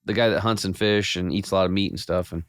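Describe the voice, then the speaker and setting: A man guest on a podcast, telling his health story in a casual, animated way with many restarts. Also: sits low, fast talker, no echo, studio quality. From United States. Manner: animated storyteller with frequent restarts and quoted self-talk.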